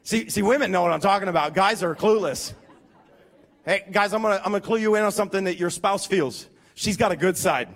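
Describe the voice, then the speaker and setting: A pastor giving a lively, conversational sermon with emphatic points and humorous asides. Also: male voice, high-pitched, fairly quick.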